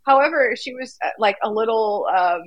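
A woman co-hosts a casual podcast with her husband, telling stories in a chatty, animated way. Her voice sits a little high, and the recording is dry, with no room sound. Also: normal speed, dry recording. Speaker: podcast co-host. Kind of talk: casual chat.

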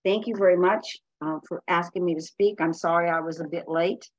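A woman's voice: lowish voice, fairly even intonation, fairly quick, no room sound, dull audio. Blunt, plain-spoken woman sharing her story. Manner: blunt, earthy and emphatic. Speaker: meeting speaker. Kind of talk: personal recovery share.

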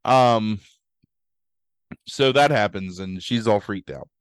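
A man's voice: fairly low pitch, animated, moderate pace, no room sound, studio quality. A man chatting casually as a podcast co-host, rambling through a movie recap full of "like" and "um" while acting out quotes. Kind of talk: casual chat.

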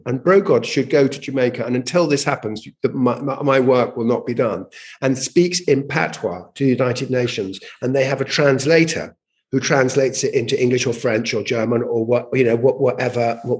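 A man speaking as a guest in a conversational interview, telling stories animatedly, often repeating and restarting words as he thinks. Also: medium pitch. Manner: animated storytelling, frequent repetitions and restarts. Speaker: guest, language campaigner.

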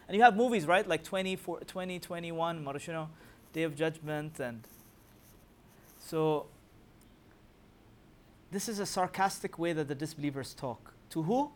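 Male religious teacher, slightly high voice, rapid recitation, keeps quizzing the room. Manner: quizzes listeners with rhetorical questions; recites scripture in rapid chanting. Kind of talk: Quran commentary class.

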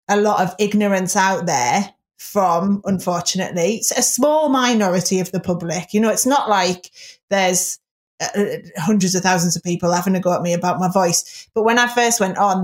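A woman with a Northern English accent, a broadcaster chatting candidly as an interview guest. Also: mid-range voice. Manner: chatty, candid, quick asides. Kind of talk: casual interview chat. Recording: roomy echo.

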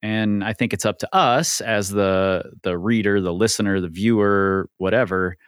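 A man's voice: fairly low pitch, fairly even intonation, moderate pace, smooth, no room sound, studio quality. A man hosting a podcast, explaining things earnestly with frequent ums and easy laughs. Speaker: podcast host. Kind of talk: casual podcast discussion.

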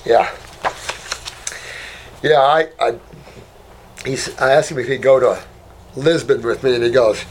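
A man's voice: medium pitch, measured pace, long pauses, darkish tone, a little hiss or hum. A man hosting a casual health talk, answering viewer questions in a folksy, rambling way and calling listeners honey.

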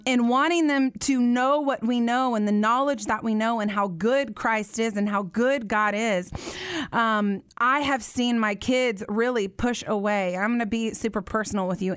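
A woman's voice: mid-range voice, clean tone, dry recording, studio quality. A woman in her thirties hosting a live Q&A chat, talking earnestly and animatedly, with lots of fillers. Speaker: host.

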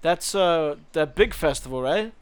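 A man's voice: a little high, animated, clean tone. A man co-hosting a podcast in casual chat, stumbling over his words and chuckling as he talks. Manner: halting, restarts sentences, chuckling. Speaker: podcast co-host.

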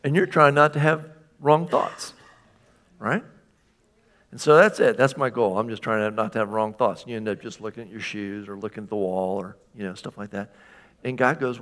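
Preaching a sermon, a male pastor speaks conversationally and poses questions to the congregation. His voice is on the low side and a bit bright, with fairly even intonation at a normal speed.

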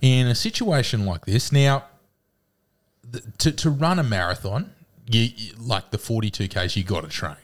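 A man's voice: mid-range voice, expressive, normal speed. A man with an Australian accent co-hosting a sports podcast, rambling with many fillers and restarts while getting over a cough. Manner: rambling, repeats words, lots of fillers. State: coughing, has a cold. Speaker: podcast co-host. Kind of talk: casual sports banter.

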